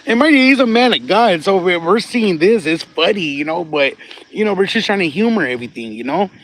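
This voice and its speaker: A man's voice: sits high, expressive, fairly quick, fairly bright tone, a little hiss or hum. A man on a phone livestream outdoors at a cemetery, telling a personal story casually, laughing often, repeating phrases and getting emotional. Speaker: livestream host.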